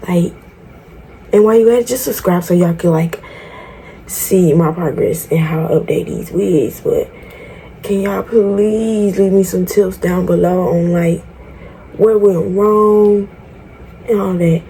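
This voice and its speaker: Chatty woman vlogger with a mellow voice. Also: on the low side, measured pace, slight background noise. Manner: chatty, talks straight to viewers; frank and exasperated, swears freely. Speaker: beauty vlogger. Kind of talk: casual tutorial vlog chat.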